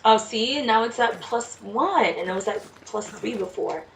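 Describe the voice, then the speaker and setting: A woman with a Jamaican accent chatting slowly through a game, exclaiming at what happens on screen. Her voice is gravelly and sits a bit far from the mic, with a faint hiss behind it. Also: on the high side, animated. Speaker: let's play streamer. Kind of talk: casual gameplay commentary. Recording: distant mic with faint noise.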